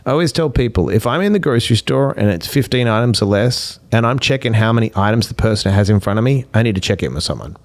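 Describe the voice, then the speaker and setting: A man's voice: lowish voice, animated, fast, few pauses. A man, a podcast guest and life coach, telling stories animatedly and acting out both sides of each exchange. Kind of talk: animated storytelling in conversation.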